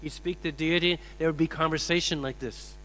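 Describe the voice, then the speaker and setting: A man giving a sermon as a swami, telling stories in an animated way and acting out the quotes. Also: fairly high pitch, a little fast. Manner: animated, acts out quotes, laughs. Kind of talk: sermon with storytelling. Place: temple hall. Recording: echoey hall with mains hum.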